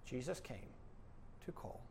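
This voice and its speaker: A man's voice: measured pace, background noise. A male pastor preaching a sermon with emphatic delivery and rhetorical questions.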